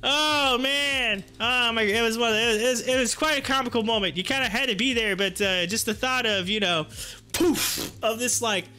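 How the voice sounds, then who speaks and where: A man's voice: extremely high pitch, brisk, few pauses, bright, forceful tone, clear, resonant tone. A man hosting a livestream, rambling through a funny personal story and laughing often. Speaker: livestream host. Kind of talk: casual storytelling.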